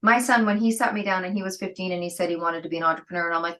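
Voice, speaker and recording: A middle-aged woman, a guest entrepreneur, telling stories in an interview, lively and laughing, acting out the people she quotes. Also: lowish voice, very fast, low-quality recording. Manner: lively, acts out quoted dialogue, laughs often. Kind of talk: storytelling interview talk.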